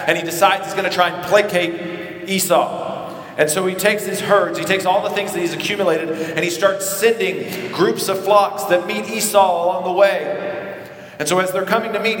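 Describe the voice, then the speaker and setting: A man preaching a sermon as pastor, acting out biblical figures in short dramatic asides and dropping low and quiet for emphasis. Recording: echoey hall with long reverb.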